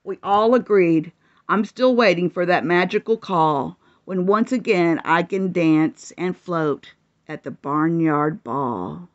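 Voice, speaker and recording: A woman reading a children's picture book aloud, expressive and full of delighted gasps. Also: fairly low pitch, slow, highs cut off. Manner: expressive, gasping and whooping with delight. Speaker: storyteller.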